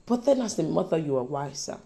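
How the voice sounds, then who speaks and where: A woman preaching a sermon, repeating lines and swinging between forceful and soft delivery. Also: low-pitched, big pitch swings, brisk, creaky.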